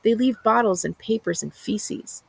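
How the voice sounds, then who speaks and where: Gravelly-voiced woman librarian reading aloud. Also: a little high, a little slow, dry recording, poor audio. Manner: earnest, enthusiastic book talk with some fillers. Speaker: school librarian. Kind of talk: reading a book aloud and recommending it.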